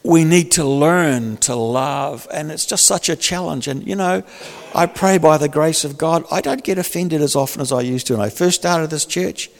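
A male pastor preaches with an easy, chatty delivery and drops in jokes and acted-out scenes. His voice has a gravelly edge. It rings out with a long echo, like a large church hall. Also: a little high, moderate pace. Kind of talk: sermon.

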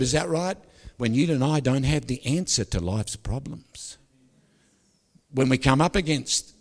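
A man preaching a sermon as a pastor, animated and joking, often asking the congregation to agree. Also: medium pitch, big-room sound. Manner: animated storytelling with jokes, asks the crowd "is that right?".

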